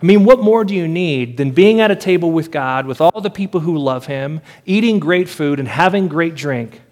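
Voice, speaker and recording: A man's voice: a little high, lively intonation, normal speed, a little mellow. A man preaching a sermon to a congregation, earnest and building his points through repeated phrases. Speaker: pastor.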